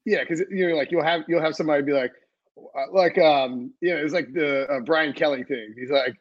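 A man hosting a sports podcast, chatting casually in a rambling, energetic way with lots of fillers and restarts. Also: a little high, fairly quick, lo-fi sound. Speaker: podcast host.

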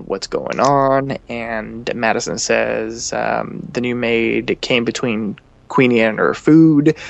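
Male podcast co-host, unhurried, gravelly tone, faint music behind; casual, rambling episode recap with quoted lines. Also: medium pitch. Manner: meandering retelling, quotes the characters' lines.

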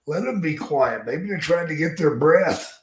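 A man's voice: on the high side, lively intonation, measured pace. A man hosting a podcast in a casual interview, talking bluntly and swearing freely with strong opinions. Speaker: podcast host. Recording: roomy echo.

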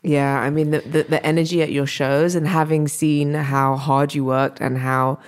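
An interviewer with a medium-pitched voice guides the talk, reacting often with short exclamations. The questions come in loose, conversational phrasing. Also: level tone, moderate pace, clean tone. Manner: warm reactive listener, frequent "wow".

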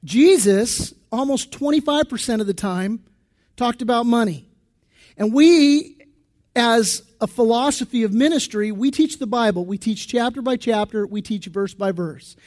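A man with a very high voice preaches a sermon in a church. He talks conversationally, with restarts and asides to the congregation, as their pastor. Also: a little slow, darkish tone.

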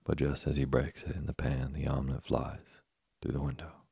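A man reads a classic story to help listeners fall asleep. His voice is extremely deep and gravelly, with a dark, husky tone and a slow, soothing, even delivery. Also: no room sound, clean studio sound. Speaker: narrator. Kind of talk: sleep story reading.

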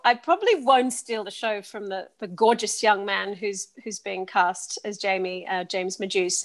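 A woman from Australia, a musical theatre actress, chatting in an interview in a bubbly, self-deprecating way. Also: mid-range voice. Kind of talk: casual interview chat.

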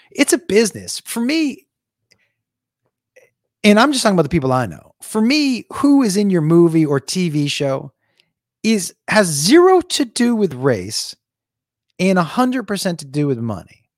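A man hosting a podcast in a casual, rambling chat, animated and swearing freely. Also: fairly high pitch, no room sound, clean studio sound.

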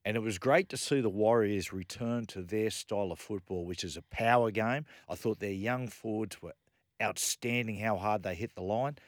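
A middle-aged radio host with a lowish voice, telling stories with animated energy. His voice is dry and close to the studio microphone. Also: moderate pace, no echo. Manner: animated storyteller, laughs through his anecdotes. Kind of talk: casual radio chat.

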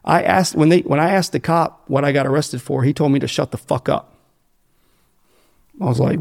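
A man's voice: a little high, fairly even intonation, fairly quick, vocal fry, a little mellow. An American man speaking bluntly and profanely, rambling with fillers and restarts as he tells his story in an interview. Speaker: guest telling his addiction story.

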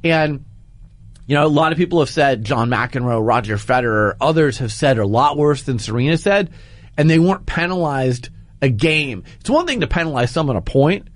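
A man hosting a sports talk show, laying out his opinions in an animated, argumentative way. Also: medium pitch, moderate pace, no echo.

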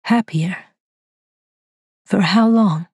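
A woman voicing a loyal male robot servant in an audio drama reading, speaking in a hushed, reverent way. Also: medium pitch, extremely slow, breathy edge, dry recording, studio quality, full character voice.

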